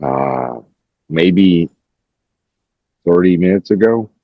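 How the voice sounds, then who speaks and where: A man's voice: deep voice, extremely slow, no room sound, narrow, tinny audio. A man hosting a podcast, chatting casually and telling a story with lots of swearing. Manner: animated storytelling, acting out quotes, frequent swearing. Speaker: podcast host. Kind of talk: casual chat.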